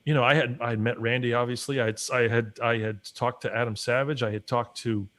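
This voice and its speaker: A man's voice: medium pitch, fast talker. A man in casual livestream chat, telling stories with energy and acting out what he and others said. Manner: animated storyteller who acts out his own quotes. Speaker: guest and regular collaborator.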